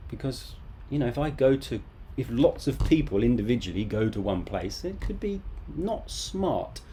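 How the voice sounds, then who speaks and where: A man's voice: mid-range voice, animated, normal speed, mellow, a little hiss or hum. A man in his thirties teaching a live online English lesson from home, casual and chatty with joking asides.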